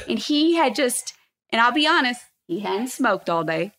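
A woman in her thirties telling a story in an animated chat, expressive and freely swearing. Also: fairly high pitch, normal speed. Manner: expressive, swears freely, acts out quotes loudly. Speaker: podcast guest, co-host's wife.

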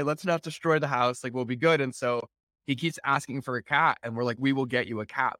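Guy hosting a podcast, animated storytelling, crisp bright voice, dry sound. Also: medium pitch, dry recording. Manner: animated, acts out family dialogue with laughs. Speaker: podcast host. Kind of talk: casual storytelling chat.

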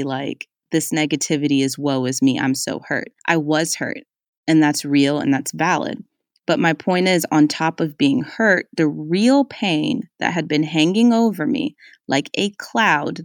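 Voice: medium pitch, no room sound, clean studio sound. A podcast host telling a reflective personal story in a casual, chatty way, full of "like" and "y'all".

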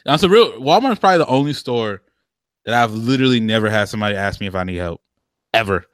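Young guy chatting, slangy and swearing a lot, pitch all over the place, dry close sound. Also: lively intonation, fast, no room sound. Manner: slangy, profane, laughing often, acts out quoted voices. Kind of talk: casual chat.

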